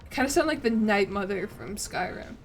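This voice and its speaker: A woman's voice: medium pitch, lively intonation, moderate pace, soft background music. A woman game streamer chatting casually and rambling a little, reading chat and poking fun at herself as she plays. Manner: chatty, rambling, self-deprecating, reads out chat.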